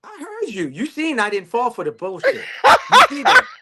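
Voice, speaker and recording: A man ribs his co-host in a loose, casual conversation, laughing as he goes. His voice runs high for a man and jumps up and down constantly, full of animated, teasing energy. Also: normal speed, background noise. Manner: teasing, animated, laughs often, acts out quotes. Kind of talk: casual banter.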